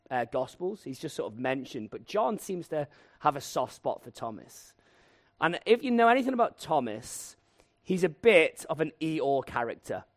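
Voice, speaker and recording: A man preaching a lively, humorous sermon and acting out voices to tell the story. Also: a little high, no room sound, clean studio sound.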